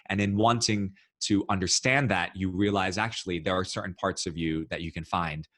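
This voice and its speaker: A man as a podcast guest, telling personal stories in an animated, expressive way. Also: deep voice, moderate pace, dry recording, clean studio sound. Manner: animated, expressive, acts out quoted voices. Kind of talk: casual storytelling interview.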